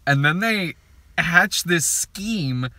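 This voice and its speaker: A man co-hosting a movie review, his voice very bright and lively as it swings up and down. He talks casually, swears often and is quick to laugh. The sound is dry and close. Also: on the high side, no echo. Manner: animated, profane, laughs often. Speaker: film review co-host.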